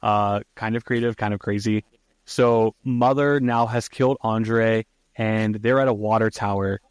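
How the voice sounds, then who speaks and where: A man's voice: lowish voice, steady tone, a little slow, smooth, dry recording. A man hosting a podcast who casually recaps a movie plot, swearing freely and using lots of fillers. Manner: casual, profane, many fillers. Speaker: podcast host.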